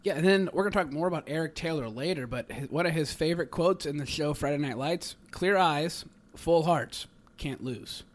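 Man, podcast co-host, casual chat, relaxed, slightly high voice. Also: fast, hardly any pauses. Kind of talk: casual chat, reading quotes.

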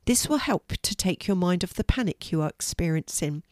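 A woman voicing a kind young girl who guides calmly and patiently. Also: lowish voice, normal speed, dry recording, studio quality, lightly acted. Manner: calm and instructive.

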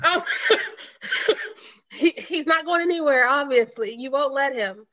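A woman's voice: high-pitched, slow, fairly bright tone. A woman from Kansas City, Missouri, chatting casually about a film on a podcast, laughing often and acting out the voices she quotes. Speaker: podcast panelist.

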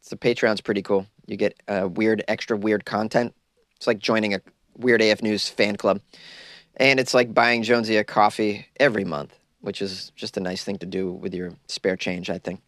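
A man's voice: fairly low pitch, dry recording, studio quality. A man hosting his own podcast, talking casually and loosely, rambling a bit and poking fun at himself, recorded in a small closet. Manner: loose, rambling, self-deprecating. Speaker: podcast host. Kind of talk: casual solo podcast chat.

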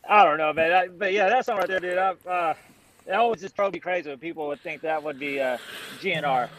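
A man's voice: on the high side, fast, a bit bright, a little hiss or hum, low-quality recording. A man chatting casually on a podcast, rambling with many fillers and calling people man and dude.

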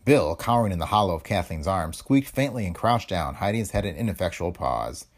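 A man narrating a pulp adventure story in a dramatic, expressive storytelling manner. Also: low voice, brisk.

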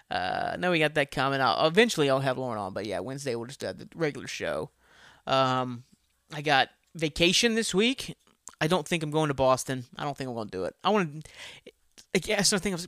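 Profane, rambling man, bright and dry. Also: on the high side, animated, fairly quick, clean tone, dry recording. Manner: rambling, profane, self-deprecating. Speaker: podcast host. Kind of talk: casual solo podcast chat.

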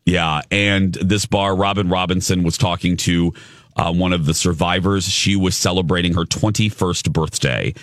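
A man with a low, bright voice hosts a morning radio show from a studio. He chats casually and tells stories with animation, laughing often. The sound is close and dry, with no room around it. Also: fairly even intonation, normal speed, dry recording. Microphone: studio microphone.

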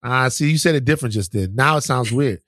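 A podcast co-host in casual chat, talking in an animated, teasing way and swearing casually. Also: mid-range voice, fast.

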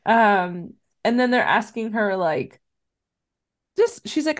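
A woman co-hosting a podcast, retelling a film's scenes in an animated, casual way with crude humor. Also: medium pitch, a little slow. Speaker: podcast co-host. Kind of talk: casual chat, recapping a film.

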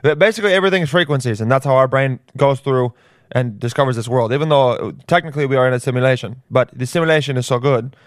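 A man's voice: mid-range voice, quick pace, dry recording, clean studio sound, close to an everyday voice. A man doing an impression of a know-it-all male tech billionaire who over-explains simple things and slips between accents. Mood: lecturing. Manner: lecturing, drifts into other accents. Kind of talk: comedic impression.

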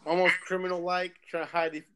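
A man's voice: high voice, level tone, quick pace, pushed and bright. A man on a podcast in casual chat, tossing in brief questions and asides.

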